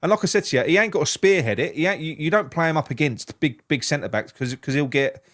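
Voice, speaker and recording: A man, co-hosting a casual football chat, excitable and sweary, with lots of stammered restarts. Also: a little high, fast talker. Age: 40s. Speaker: podcast co-host.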